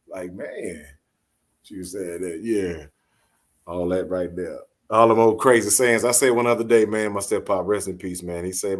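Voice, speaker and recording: A man's voice: lowish voice, a little fast. A man with a Southern US accent hosting a casual late-night talk show, laughing and telling stories full of folksy sayings. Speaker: host.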